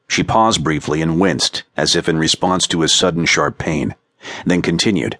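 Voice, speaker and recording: Deep-voiced male audiobook narrator. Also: dry recording, studio quality. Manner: measured, even reading. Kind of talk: scripted narration.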